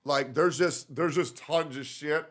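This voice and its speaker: A man's voice: a little high, measured pace. Profane young man muttering stream reactions. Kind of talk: casual stream commentary.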